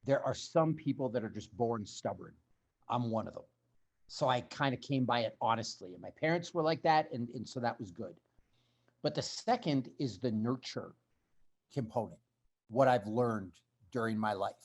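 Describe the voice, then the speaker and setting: A man's voice: medium pitch, expressive, normal speed. A man telling his story as a podcast guest, in a blunt, emphatic conversational way.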